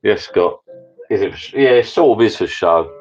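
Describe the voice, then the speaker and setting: A man's voice: lowish voice, lively intonation, normal speed, a little mellow, faint music behind. A man rambling in a casual live chat with viewers from his home bar room. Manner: rambling, chatty, many restarts. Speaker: channel host. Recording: dull lo-fi sound.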